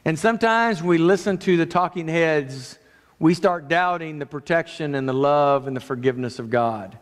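A man preaching a sermon as pastor, earnest, moving between raised and hushed delivery. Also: on the high side, moderate pace. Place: church sanctuary. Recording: long church reverb.

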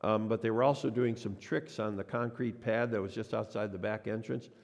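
A man's voice: on the low side, steady tone, brisk. A man preaching a sermon as a pastor, telling a personal story and acting out the voices of the people in it. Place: church sanctuary. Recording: long church reverb.

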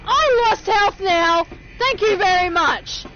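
A woman streaming a video game, reacting excitably, swearing often and mocking herself. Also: very high voice, slow pace, noisy background. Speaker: gaming streamer. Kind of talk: let's play reactions. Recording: slightly dull stream audio with game music. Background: game music.

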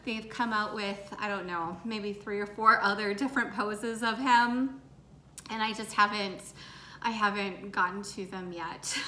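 A woman's voice: mid-range voice, steady tone, measured pace, sharp tone, slight background noise. A woman showing off her collection in a casual, gushing, sentimental vlog, laughing often. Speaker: collector vlogger. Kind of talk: casual show-and-tell vlog. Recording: roomy room echo.

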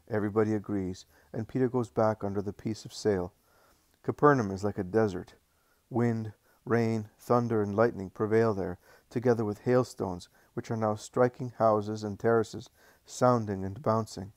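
Male devotional reader, low-pitched, calm, dry close recording. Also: no room sound. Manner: calm, unhurried, occasional slips and restarts. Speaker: audiobook reader. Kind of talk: devotional scripture-style reading.

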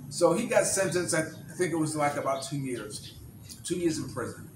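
A man casually retelling a movie plot for his channel, in halting speech full of "you know" and restarts. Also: on the high side, expressive, background noise. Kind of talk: casual storytelling. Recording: roomy distant recording, birds chirping.

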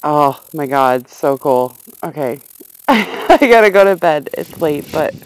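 Outdoors at night, a woman vlogs on a handheld phone camera, gushing and giggling as she coaxes a grasshopper onto her hand. Her voice is low with lively intonation and a slow pace, and the recording quality is poor. It is an excited, casual vlog.

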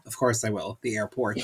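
A man's voice: on the low side, fairly bright tone, slightly rough. Chatty, joking man. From Ireland. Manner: jokey, rambling, laughs often. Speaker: podcast co-host. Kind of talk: casual chat.

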